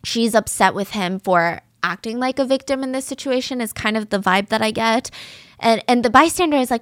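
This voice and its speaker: A woman's voice: a little high, expressive, brisk, no room sound, clean studio sound. A woman hosting a true-crime podcast, narrating earnestly and describing a recorded argument. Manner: earnest and descriptive, reads out quotes from audio.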